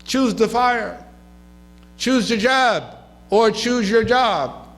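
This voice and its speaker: In a mosque lecture with poor audio, a man with a very high, slightly bright voice reads hadith in Arabic. He translates them into English with loose asides and a quick laugh.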